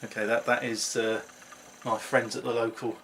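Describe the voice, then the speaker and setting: A man's voice: mid-range voice, little pitch movement, moderate pace, gravelly, fairly bright tone. A middle-aged man, chatting to camera at home in a rambling, self-mocking way. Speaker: vlogger. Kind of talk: casual chat to camera.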